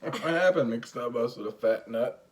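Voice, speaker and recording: A man's voice: mid-range voice, expressive, moderate pace, noisy background. A man chatting casually with his partner, telling jokey stories and mimicking her voice. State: tired. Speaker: co-host. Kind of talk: casual chat.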